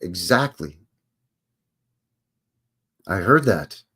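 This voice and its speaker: Guy with a lowish voice hosting a live stream, chatty, reads lyrics out and explains em. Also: big pitch swings, extremely slow, a bit bright, breathy edge. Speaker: host. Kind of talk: casual live-stream commentary.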